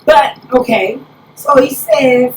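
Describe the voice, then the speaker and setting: A woman apostle preaching a conversational sermon, telling stories with lively preacherly exclamations. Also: very high voice, slow pace, creaky. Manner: animated storytelling, preacherly exclamations. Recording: roomy, distant, faint background hiss.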